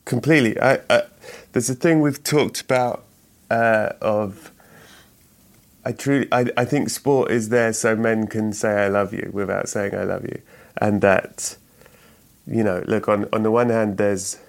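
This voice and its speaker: A man's voice: fairly low pitch, steady tone, measured pace. A middle-aged man, a guest in an interview, talking in a rambling way with restarts and chuckles. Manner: rambling, self-correcting, chuckles often. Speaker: actor and writer guest. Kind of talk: relaxed interview chat.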